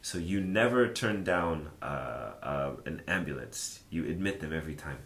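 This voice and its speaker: A man teaching a language lesson in a relaxed, chatty way, thinking aloud with plenty of fillers. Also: a bass voice, moderate pace, roomy sound. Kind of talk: casual explanatory lesson.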